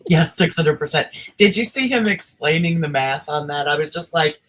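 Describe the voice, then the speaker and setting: A woman's voice: low-pitched, lively intonation, normal speed, poor audio. A woman hosting a livestream in casual chat, laughing often as she talks. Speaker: streamer host.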